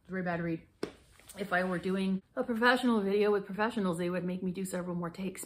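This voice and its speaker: Rambling, self-mocking woman vlogger. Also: mid-range voice. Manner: rambling, self-deprecating, laughs often. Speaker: beauty vlogger. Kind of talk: casual product review.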